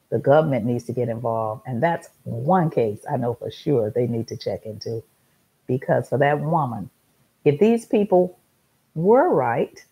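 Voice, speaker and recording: A woman's voice: low-pitched, creaky, warm tone, breathy edge, low-quality recording. A middle-aged woman hosting a talk show, telling a story in an emphatic, repetitive monologue.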